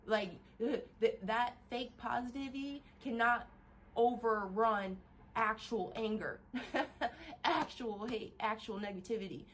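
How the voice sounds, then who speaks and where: A woman vlogger goes on a casual motivational rant, animated and laughing often, swearing freely and restarting as she rambles. Her voice is a little high and her pace measured, with a touch of hiss or hum in the background.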